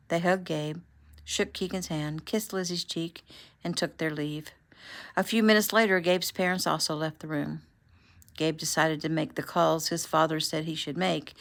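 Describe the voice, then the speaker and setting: A woman reading her own novel aloud at home, relaxed and informal, as if sitting in the room with you. Her voice sits on the low side, and she clears her throat now and then. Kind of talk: casual audiobook narration.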